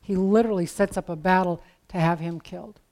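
A woman's voice: fairly low pitch, fairly even intonation, fairly quick, a little mellow. A woman preaching a sermon in a conversational, storytelling way with casual asides.

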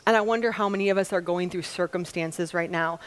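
A young woman from Wisconsin reading scripture and preaching a sermon, earnest and storytelling, slowing down to stress key lines. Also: lowish voice. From Wisconsin, USA. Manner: earnest, storytelling, slows for emphasis.

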